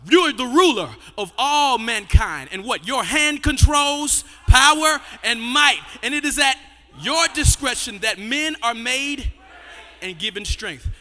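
A man preaching and praying in church, shouting and half-singing his phrases, often stammering and repeating words. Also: very high voice, animated, unhurried. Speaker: pastor. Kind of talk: fiery sermon and prayer.

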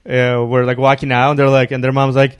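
Rambling podcast host, dry close sound. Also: male voice, mid-range voice, completely flat delivery, a little fast, smooth, no echo. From immigrant who arrived near his teens. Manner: rambling, laughs while telling stories. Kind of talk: casual podcast chat.

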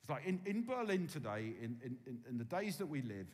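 A man preaching a sermon, swinging from loud emphasis to hushed, quiet tones. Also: mid-range voice, sing-song, brisk. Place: church hall with long reverb. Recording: reverberant hall.

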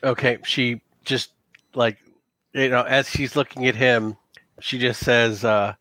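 Halting man narrating as game master. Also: mid-range voice, steady tone, pushed and bright, no echo. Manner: loose, halting, full of "like" and restarts.

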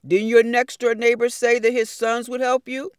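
A woman storyteller voicing the Lord, gently scolding with a string of patient questions. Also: a little high, little pitch movement, normal speed, clear, resonant tone, no room sound, clean studio sound, voice pushed up, close to an everyday voice. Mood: chiding. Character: the Lord, a calm patient heavenly voice.

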